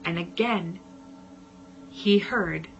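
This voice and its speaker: A woman vlogger telling a personal story casually, dramatic and at times dropping into hushed whispers. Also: lowish voice, very slow, vocal fry, dull audio, faint music behind.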